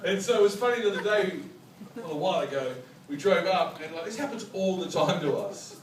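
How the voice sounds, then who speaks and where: Picked up from a distance in a roomy live club, an Australian comic works a bar stage with a high-sitting voice and a slightly fast pace. His storytelling is animated and rambling, thick with "like," while the crowd roars with laughter and noise around him.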